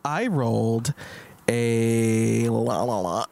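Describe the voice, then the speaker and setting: A man's voice: medium pitch, drawn-out words, creaky, a little mellow. A young man playing a tabletop game, goofy and a little unsure of the rules. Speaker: player. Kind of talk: casual tabletop game chat.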